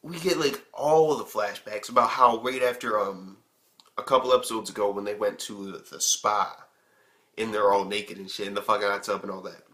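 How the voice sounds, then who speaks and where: A young man reviewing an anime episode on his own channel, talking in an excitable, rambling way and swearing often. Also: on the low side, moderate pace, roomy sound. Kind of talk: casual video review.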